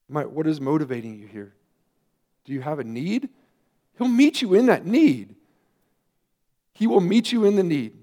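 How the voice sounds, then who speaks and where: A man, a pastor, preaching a sermon earnestly, with emphatic rising questions and quieter asides. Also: a little high.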